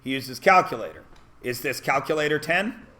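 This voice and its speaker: A man's voice: a little high, expressive, fairly quick, sharp tone, a little hiss or hum. A man teaching a math class, asking the students questions and often answering them himself. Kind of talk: classroom lesson.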